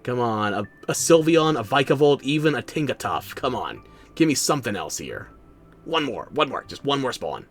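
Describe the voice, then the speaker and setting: A man's voice: medium pitch, very animated, normal speed, soft background music. Sardonic, tired male game streamer. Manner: sardonic, theatrical. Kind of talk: game commentary.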